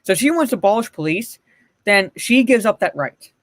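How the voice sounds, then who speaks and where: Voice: mid-range voice, lively intonation, brisk, no room sound, studio quality. A livestream host giving blunt, profane, mocking commentary and answering chat messages.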